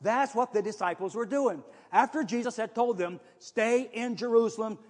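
Man, pastor, sermon, high voice, conversational with restarts, long hall reverb. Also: normal speed. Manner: conversational preaching with repetition and restarts.

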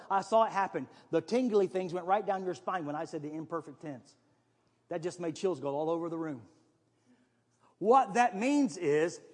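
A man with a notably high voice preaches to his congregation, talking in a loose, conversational way with frequent repetitions and restarts. His voice rings out with a long reverb, as in a church sanctuary. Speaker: pastor. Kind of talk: sermon.

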